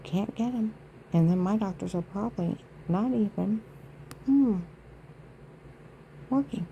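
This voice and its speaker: A woman's voice: mid-range voice, unhurried, creaky, dark tone, a little hiss or hum, rough recording. A woman vlogging in a rambling, indignant monologue, aggrieved and emphatic with many asides.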